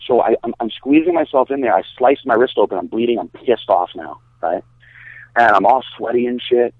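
A man telling a long story in casual podcast talk, animated, swearing and acting out what people said. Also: mid-range voice, brisk, husky, no room sound. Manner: animated, swearing, acts out quotes. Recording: dry, phone-like narrow sound.

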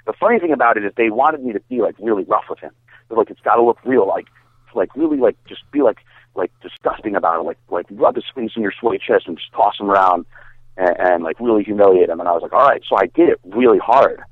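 A man's voice: lowish voice, expressive, fast, no echo. A man, a bodybuilder guest, telling a story in a casual, rambling way, full of fillers and swearing. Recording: dry, tinny phone-like sound.

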